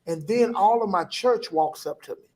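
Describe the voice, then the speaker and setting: A middle-aged pastor telling a personal testimony in a vivid, animated way, in casual vernacular with repeated phrases. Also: male voice, high-pitched, moderate pace. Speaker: pastor, guest.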